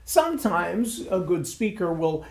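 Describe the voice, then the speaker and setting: A man who coaches speakers, giving a reflective solo talk, measured and building points through repeated phrases. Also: high-pitched, big pitch swings.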